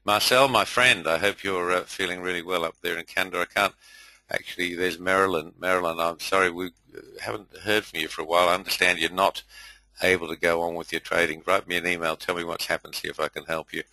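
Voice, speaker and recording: Older man, very low, bright voice. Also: steady tone, quick pace, rough recording. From India. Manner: rambling, many fillers, friendly roll call. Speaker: host. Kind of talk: casual webinar welcome.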